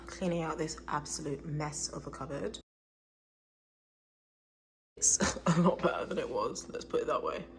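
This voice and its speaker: A woman's voice: sits low, moderate pace, creaky, long pauses. A young woman chatting casually through her errands to a phone camera, from her car and home. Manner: chatty, self-narrating errands. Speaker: vlogger. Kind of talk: casual vlog chat. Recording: loud background noise, vehicle sounds.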